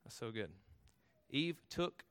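A man's voice: medium pitch, animated, slow pace, a bit bright, clear, resonant tone. A middle-aged man preaching an expository sermon, emphatic, with rhetorical questions and shifting pace.

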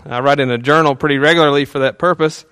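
Preaching at a fast pace in a slightly high, clear, resonant voice, a man delivers his sermon casually, using lots of fillers and little laughs. When he prays he turns soft and hushed. The recording carries no room sound.

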